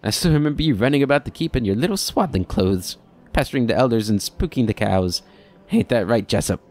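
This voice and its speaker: A man's voice: mid-range voice, lively intonation, a little fast, a little mellow, natural voice. A man voicing a rambling, nostalgic old male keeper who chatters in a folksy, reminiscing way.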